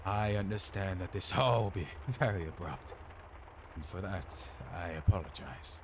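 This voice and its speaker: A man voicing a refined older male mentor writing a formal letter, read slowly and formally. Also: low voice, a little hiss or hum. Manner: slow, formal letter-reading.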